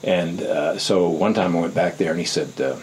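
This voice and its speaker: An older man being interviewed, telling rambling, unhurried anecdotes and acting out the voices of people he quotes. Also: sits low, fairly even intonation, a little hiss or hum, poor audio. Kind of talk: casual anecdotal storytelling.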